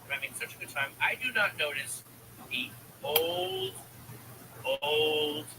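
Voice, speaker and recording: A man doing stand-up, telling a story about his young daughter with a lively, building delivery. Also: on the high side, slow pace, vocal fry, background noise. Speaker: stand-up comedian.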